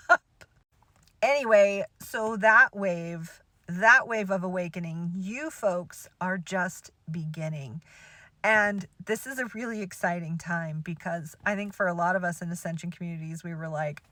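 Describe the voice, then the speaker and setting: A woman spiritual teacher talks straight to her followers in a bright, sharp voice, recorded dry and close. She is animated and exclamatory, laughs often, and swears freely in casual speech. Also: mid-range voice, moderate pace, no room sound. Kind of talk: casual monologue to camera.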